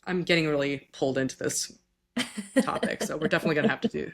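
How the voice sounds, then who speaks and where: A woman co-hosting a podcast, chatting with animated enthusiasm and frequent restarts. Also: low-pitched, fast. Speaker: podcast co-host. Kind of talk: casual chat.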